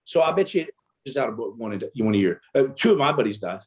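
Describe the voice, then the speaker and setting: A man's voice: mid-range voice, quick pace. A man, a former Navy SEAL guest, telling war stories in a casual interview and acting out the dialogue. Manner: animated storyteller, acts out quoted dialogue.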